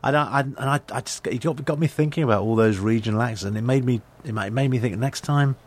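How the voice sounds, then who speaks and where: A man's voice: mid-range voice, fast talker. An older British man telling rambling anecdotes as a guest in a casual interview, with many restarts. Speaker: guest actor. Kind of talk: conversational interview storytelling.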